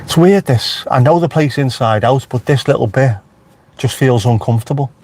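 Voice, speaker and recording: A man's voice: medium pitch, moderate pace, a little mellow, slight background noise. A man with a Liverpool accent, chatting casually on a live stream from inside his car with wry asides to viewers. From Merseyside, England. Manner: chatty, wry, talks back to live chat.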